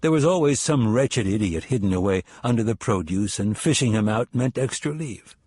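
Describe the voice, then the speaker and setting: A man reading a spy thriller audiobook in a measured, even storytelling delivery. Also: lowish voice, breathy edge, dry recording, clean studio sound. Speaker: audiobook narrator. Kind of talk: scripted narration.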